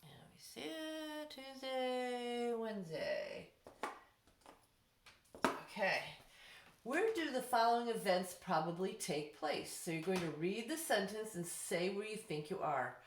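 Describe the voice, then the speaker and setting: A middle-aged woman teaching a recorded class lesson from home, patient and sounding words out slowly for young pupils. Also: mid-range voice, sing-song, background noise. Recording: echoey room.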